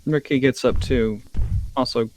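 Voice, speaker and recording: A tabletop player narrating their own character's actions and bursting into loud, excitable swearing. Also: medium pitch, unhurried, soft background music.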